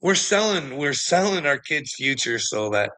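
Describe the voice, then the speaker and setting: A man from Canada rants in a loose, unscripted monologue, his voice bright and forceful. He swears freely, wanders off mid-sentence and lets out short laughs between points. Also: fairly high pitch, big pitch swings, normal speed. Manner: profane, rambling, laughs between remarks. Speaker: political commentary host. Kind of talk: casual ranting monologue.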